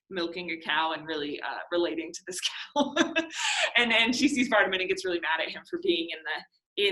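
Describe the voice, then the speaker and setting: A woman's voice: medium pitch, sharp tone, low-quality recording. A young woman teacher leading a literature class discussion, chatty, laughing often and using plenty of fillers.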